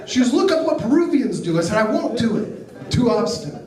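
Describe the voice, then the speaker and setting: A middle-aged man doing a stand-up comedy set, telling stories in a deadpan way and acting out quotes. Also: extremely high pitch, quick pace, a loud crowd. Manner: deadpan storytelling with acted quotes. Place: comedy club stage. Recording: echoey club, picked up from far off. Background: audience laughter.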